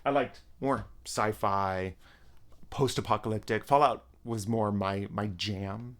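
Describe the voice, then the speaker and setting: A man's voice: fairly low pitch, slow pace. A man in casual, rambling talk about the games he is playing, often restarting his sentences. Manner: rambling, self-correcting, frequent restarts. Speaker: gaming vlogger. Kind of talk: casual gaming commentary.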